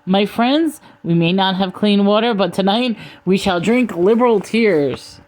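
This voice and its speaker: A woman voicing a fanatical old male high priest with a reedy voice, intoning grandly. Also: lively intonation, measured pace, darkish tone, natural voice, low-quality recording. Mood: grandiose.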